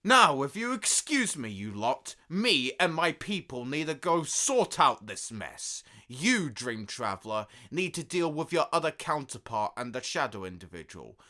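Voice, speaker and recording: A man's voice: medium pitch, very animated, a little slow, hardly any pauses, pushed and bright. A man playing a proud, theatrical emperor in a fan audio drama, speaking in a pompous, sarcastic way. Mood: scornful.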